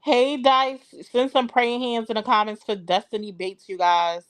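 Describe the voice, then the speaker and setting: A woman's voice: a little high, little pitch movement, moderate pace, clear, resonant tone, no room sound, clean studio sound. A young adult woman hosting a live stream in a casual, chatty way, talking straight to her viewers.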